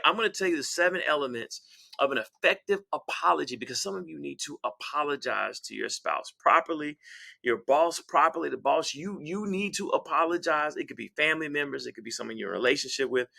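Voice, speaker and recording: A man's voice: fairly high pitch, gravelly, bright, forceful tone. Man, relationship advice talk, emphatic coaching manner, hard-edged tone. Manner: emphatic, coaching, checks in with "all right?". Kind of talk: direct-to-camera advice talk.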